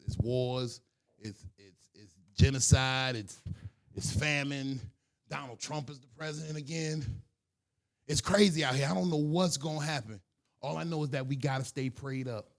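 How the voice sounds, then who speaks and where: A male stand-up comic working a live room, his voice at an ordinary middle pitch. He tells rambling, profane stories and trips over his words, restarting phrases as he goes. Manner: loose, profane storytelling with stammered restarts. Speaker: stand-up comedian. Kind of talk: stand-up comedy set. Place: comedy stage before a live audience.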